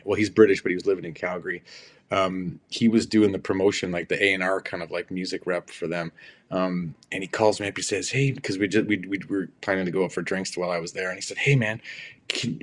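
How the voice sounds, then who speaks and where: Low-voiced man telling animated anecdotes. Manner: animated anecdotes, swears freely, laughs a lot. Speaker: actor guest. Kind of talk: casual interview storytelling.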